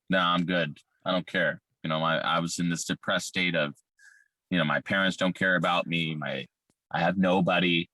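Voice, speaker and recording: A man recounting a painful childhood experience in candid, profane, halting personal testimony full of fillers. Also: sits low, sharp tone, no echo. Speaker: survivor telling his story.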